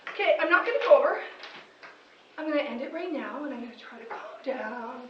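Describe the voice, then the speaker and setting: A woman teacher talking in an excited, rambling vlog monologue, laughing often and jumping between thoughts. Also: sits high, fairly quick. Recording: echoey room, distant dull lo-fi mic, faint noise.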